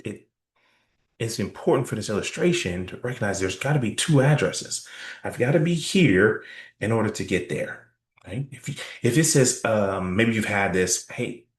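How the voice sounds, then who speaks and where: A man with a fairly low voice teaches sales technique in an echoey room. He talks with energy, acting out short exchanges with customers and often checking in with "right?" between points. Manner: energetic, role-plays customer dialogue with frequent "right?" check-ins. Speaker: sales trainer. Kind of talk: sales training talk.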